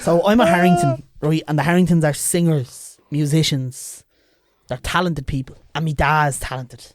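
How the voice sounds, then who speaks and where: Chatty Dublin man, slightly high voice. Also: normal speed, background noise. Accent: Dublin Irish. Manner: lively, chatty, swears freely. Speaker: podcast guest. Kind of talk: casual storytelling.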